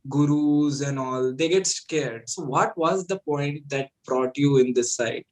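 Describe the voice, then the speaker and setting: A male interviewer asking halting questions, rephrasing them with fillers. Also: on the high side, low-quality recording.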